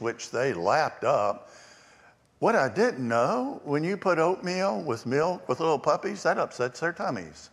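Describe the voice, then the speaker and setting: A man preaching a storytelling sermon as pastor, with shifting emphasis and hushed asides. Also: fairly high pitch. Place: church sanctuary. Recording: long church reverb.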